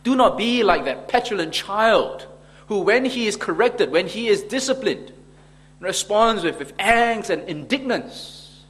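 A man's voice: sits high, animated, unhurried, fairly bright tone. A man preaching a sermon, earnest and rhetorical, asking the congregation questions and now and then stumbling on fillers.

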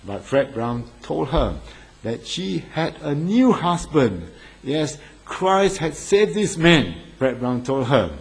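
A man's voice: on the high side, very animated, slow pace, slightly rough, low-quality recording. A man preaching a sermon to his congregation, making earnest, pleading appeals.

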